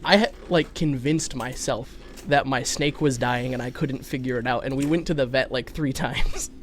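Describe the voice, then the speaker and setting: A man co-hosting a podcast, telling stories in an animated, slightly anxious casual way. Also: mid-range voice, moderate pace, slight background noise. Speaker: podcast co-host. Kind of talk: casual chat.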